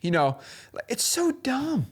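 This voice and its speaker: A man hosting a motivational business talk, animated and preachy, sprinkling his speech with "like" and "okay?". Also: extremely high pitch, slow pace, husky. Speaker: host.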